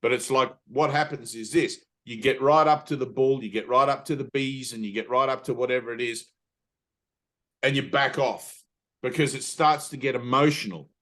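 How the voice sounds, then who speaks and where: A man's voice: medium pitch, normal speed, fairly bright tone. Emphatic man teaching a spiritual talk. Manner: earnest, emphatic, swears casually; frequent "right?" tag questions.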